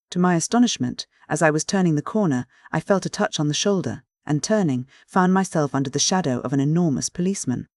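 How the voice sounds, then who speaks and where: A narrator reading a classic novel in a steady, measured audiobook style. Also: medium pitch, no room sound, clean studio sound.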